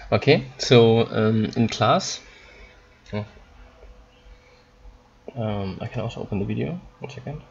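A man teaching German in an online lesson, explaining in halting English with frequent ums and repeated words. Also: fairly low pitch, vocal fry, highs cut off, a little hiss or hum.

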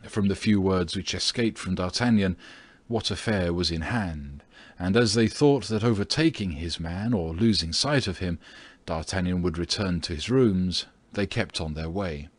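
Male narrator, measured and steady, low husky voice, dry recording. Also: dry recording. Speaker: audiobook narrator. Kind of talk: scripted narration.

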